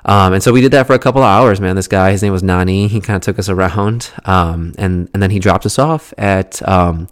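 Male vlog host in his thirties, smooth voice, chatty and rambling, swears casually. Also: low voice, brisk, few pauses, dry recording, studio quality. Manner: rambling, filler-heavy, profane. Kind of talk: casual travel recap.

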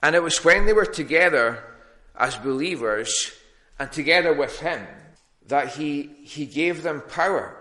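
A man's voice: on the high side, lively intonation, measured pace, pushed and bright. A middle-aged man, a pastor, preaching an earnest, plain-spoken sermon with frequent restarts.

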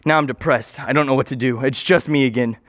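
A man's voice: medium pitch, fairly even intonation, quick pace, fairly bright tone, no echo, studio quality. A young man telling a goofy, rambling improvised story, interrupting and correcting himself as he goes.

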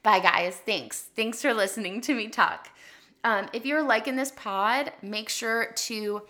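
A woman hosting a podcast, teaching a casual spoken singing lesson in a chatty, animated way with lots of "like" fillers. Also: fairly high pitch, a little slow. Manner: chatty and animated, drifts into short sung demonstrations; frequent "like" fillers.

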